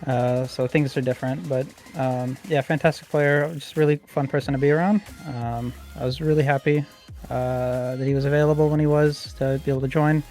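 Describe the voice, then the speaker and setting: A man's voice: mid-range voice, fairly even intonation, brisk, a little mellow, soft background music. A man on a podcast talking about his team, with lots of fillers and restarts. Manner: hesitant, many fillers and restarts. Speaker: competitive player guest. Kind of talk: casual podcast chat.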